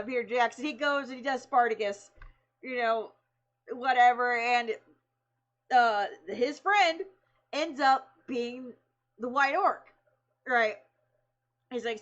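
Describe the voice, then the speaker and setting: A woman streaming live tells a long story in a loose, rambling way, full of "like" and "you know". Her voice sits a bit high, and the stream audio sounds dull and lo-fi. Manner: animated, rambling, many fillers. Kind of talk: casual storytelling.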